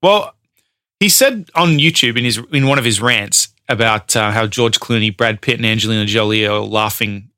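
A man co-hosting a podcast in casual chat, animated, laughing often and swearing freely. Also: on the low side, moderate pace, clear, resonant tone, dry recording, studio quality. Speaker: podcast co-host.

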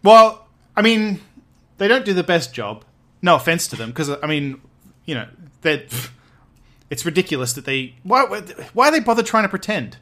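A man's voice: high-pitched, very animated, normal speed, sharp tone. A man co-hosting a podcast over an online call, trading dry, sarcastic quips in casual chat. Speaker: podcast co-host.

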